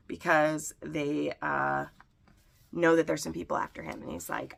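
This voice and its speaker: A woman's voice: low-pitched, level tone, a little slow, gravelly, pushed and bright. A woman reviewing a book and its show adaptation in a chatty recap, reading passages aloud and lightly voicing the characters' lines.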